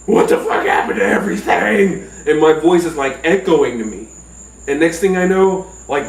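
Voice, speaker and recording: A man telling a personal story in a casual, profane, animated way. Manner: animated, profane, jumps into high yelps. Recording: roomy sound from a distant mic.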